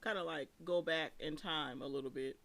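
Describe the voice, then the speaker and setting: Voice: mid-range voice, gravelly, a bit bright. Chatty laughing recap host. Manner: chatty, laughing, drawn-out asides, calls listeners honey. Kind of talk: casual reality TV commentary.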